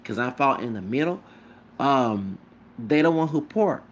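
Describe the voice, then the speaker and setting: A man's voice: mid-range voice, expressive, measured pace, a little hiss or hum. A man ranting casually to his camera as a vlogger, rambling and repetitive, with emphatic asides.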